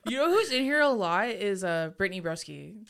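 A woman's voice: medium pitch, very animated, a little fast, a bit bright. A woman co-hosting a casual podcast chat, reading out listener picks and laughing often. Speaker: podcast co-host.

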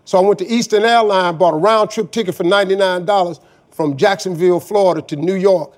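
A man's voice: high voice, fairly quick. A middle-aged man telling a personal story in a folksy, casual way, often adding "man". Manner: folksy, says "man" often, Southern Black vernacular. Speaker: guest storyteller. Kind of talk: personal story told to an audience.

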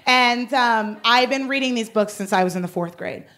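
A young adult woman host telling a rambling comic story, excitable and laughing through it. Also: on the high side, moderate pace. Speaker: podcast host. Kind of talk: comedic storytelling.

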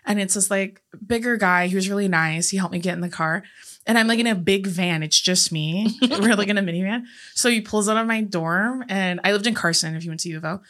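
A woman's voice: medium pitch, brisk, fairly bright tone. Woman, podcast co-host, casual chat, chatty, laughs along.

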